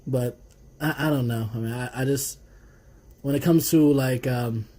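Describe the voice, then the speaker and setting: A man's voice: medium pitch, fairly even intonation, measured pace, mellow. A man, co-hosting a podcast in casual, laid-back chat full of swearing and laughter. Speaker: podcast co-host.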